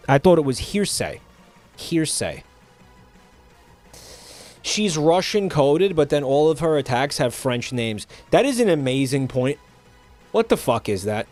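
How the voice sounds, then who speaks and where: Guy streaming, just rambling to chat, lots of um and like, kinda dry and sarcastic, music low in the back. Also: a little mellow. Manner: rambling, halting, with many fillers and restarts; offhand and sardonic. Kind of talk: casual live-stream chat.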